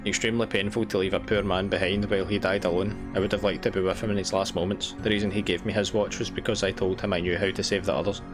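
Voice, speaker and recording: A man voicing an exhausted, once-tormented game character, reading earnestly in a low voice. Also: flat delivery, fast, few pauses, over music, close to an everyday voice. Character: exhausted freed prisoner, tormented and hopeful.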